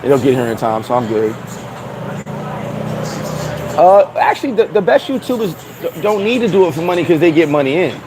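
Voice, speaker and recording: A man talks loosely on a live stream, reading comments and wandering off on tangents. He swears freely and laughs at his own remarks. His voice sits a little high, and clear outdoor street noise runs behind him. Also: big pitch swings, moderate pace, long pauses. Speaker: vlogger reading live chat. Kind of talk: casual live-stream chat.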